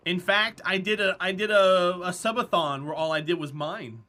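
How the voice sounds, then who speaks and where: A male streamer talks casually with his live chat while he plays, laughing often and calling out viewers by name. His voice sits high and sounds bright and sharp, loose and easygoing. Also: normal speed. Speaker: streamer, host.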